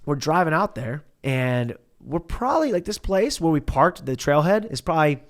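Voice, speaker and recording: Animated young man telling a story. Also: fairly high pitch, moderate pace. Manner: animated, slangy, acts out quotes. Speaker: podcast guest. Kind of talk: casual storytelling.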